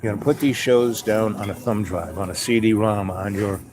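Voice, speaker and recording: A man's voice: on the low side, normal speed, a crowd in the background. A man hosting his own show, talking in a loose, meandering monologue full of "you know" asides, sometimes acting out little conversations. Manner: acts out little dialogues with raised voice. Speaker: show host. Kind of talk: rambling casual monologue.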